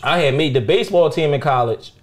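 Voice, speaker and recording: A young man, a comedian, telling stories in casual chat, animated and swearing freely while acting out the people in them. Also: fairly high pitch, fast. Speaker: comedian guest. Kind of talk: casual storytelling.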